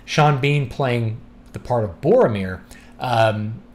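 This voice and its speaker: A man giving a casual spoken review of audiobooks, relaxed and conversational, thinking aloud as he goes. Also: mid-range voice, slow. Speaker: book reviewer.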